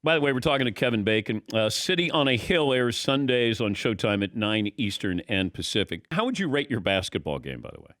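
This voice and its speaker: A man's voice: mid-range voice, very animated, a little fast, hardly any pauses, a bit bright. A man hosting a radio show, asking a guest short questions and laughing often. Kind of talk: interviewing a guest.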